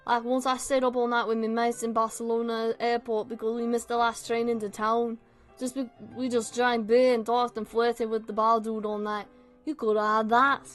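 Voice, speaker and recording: A woman's voice: a little high, little pitch movement, normal speed, soft background music, natural voice. A woman voicing a brash, scolding commenter in a put-on Liverpool accent, talking bluntly.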